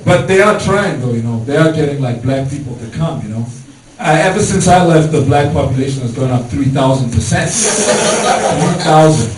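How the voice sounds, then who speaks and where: This comic's voice is medium in pitch, darkish, and animated, moving fairly quickly as he tells loose, filler-heavy stories during a stand-up show. Recorded from a distance in an echoing venue, the track carries crowd noise, audience laughter, and slight background noise.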